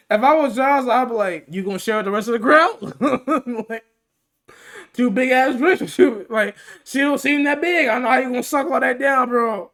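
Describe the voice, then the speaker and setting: A man's voice: very high-pitched, fairly bright tone. A man hosting a reaction video, laughing and riffing in casual slang to his viewers. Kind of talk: casual commentary.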